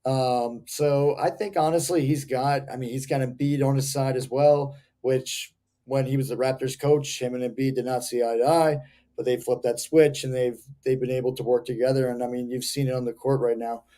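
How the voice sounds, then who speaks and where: Young man, mellow tone, casual heated sports-fan co-host. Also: mid-range voice, fairly even intonation, moderate pace. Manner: rambling, heated fan rants. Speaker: podcast co-host.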